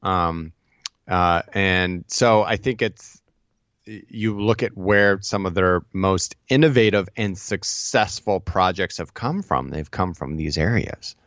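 Energetic man telling stories, low voice. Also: dry recording, highs cut off. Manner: energetic storyteller, quick asides and restarts. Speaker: guest. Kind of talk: casual interview chat.

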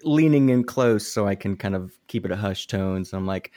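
Low-voiced man thinking out loud. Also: normal speed. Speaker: player. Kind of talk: playing a tabletop game.

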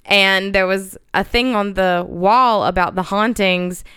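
Woman co-host, smooth, clear tone, relaxed chatty storyteller. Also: mid-range voice, measured pace, no room sound, studio quality. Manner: chatty storyteller, laughs at her own stories. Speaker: podcast co-host. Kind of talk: casual chat.

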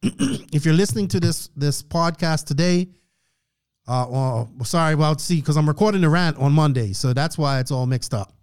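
Podcast host, male, fairly high voice, preachy motivational rant with frequent throat clearing. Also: normal speed, darkish tone.

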